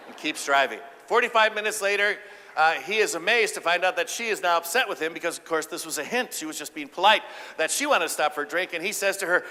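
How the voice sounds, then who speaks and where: Keynote speaker, man, comic delivery, bright and forceful tone, echo of a large hall. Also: a little high, fast. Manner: animated, acts out quotes with a raised voice. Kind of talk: humorous keynote talk.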